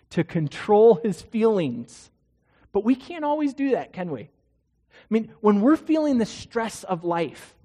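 A man's voice: high voice, dark tone, husky. A male pastor preaching a sermon in a conversational way, often asking the congregation rhetorical questions. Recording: long hall reverb.

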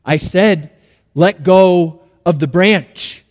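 Preacher doing the voice of God, kind, gentle, slow, echoing in a big hall. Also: male voice, sits high, voice pushed up. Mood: calm. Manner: calm, gentle and unhurried. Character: kind calm male voice of God from above.

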